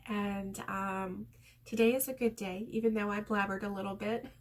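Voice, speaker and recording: Middle-aged woman, crochet vlogger, chatty and sincere, hesitant with lots of ums, mid-pitched voice. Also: fairly even intonation, moderate pace. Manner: rambling, heartfelt, many ums. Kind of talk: casual chat to viewers.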